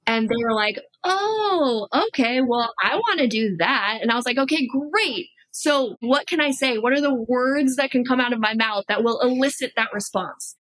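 A woman's voice: on the high side, normal speed, hardly any pauses, a bit bright, no room sound, low-quality recording. A woman guest, a life and love coach, chatting casually and acting out both sides of past conversations. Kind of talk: casual storytelling chat.

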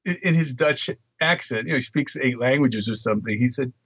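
An older man from the Bronx, telling animated stories as an interview guest. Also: mid-range voice, a little fast, slightly rough, no room sound. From New York, Bronx. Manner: animated anecdotes with quoted dialogue. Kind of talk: storytelling interview.

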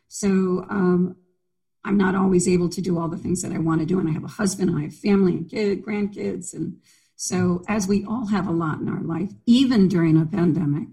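A woman's voice: on the low side, brisk, dark tone, slightly rough, rough recording. An older woman talking as a podcast guest on a video call, chatty and playful, poking fun at herself. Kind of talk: casual video-call interview.

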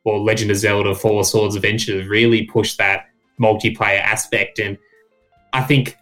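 A man, a guest on a casual podcast, talking in a thoughtful, measured way. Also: on the low side, level tone, a bit bright, faint music behind, rough recording.

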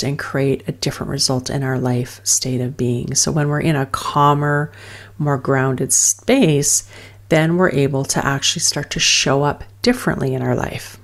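A woman with a notably low voice talks through a breathing practice as a coach. Her delivery is soothing and unhurried in spirit, built from loose fragments and frequent fillers. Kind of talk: guided wellness teaching.

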